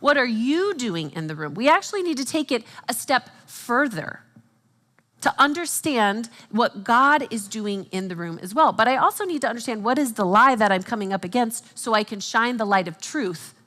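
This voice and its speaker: A woman speaking at a Christian conference, teaching with animated asides and jokes for the audience. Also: a little high, normal speed. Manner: animated, quotes herself and others in acted voices.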